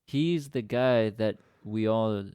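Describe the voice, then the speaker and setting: A man's voice: fairly low pitch, slow, warm tone, clear, resonant tone, no room sound, studio quality. A man co-hosting a casual podcast, joking, laughing often and acting out the people in his stories. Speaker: podcast co-host. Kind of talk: casual chat.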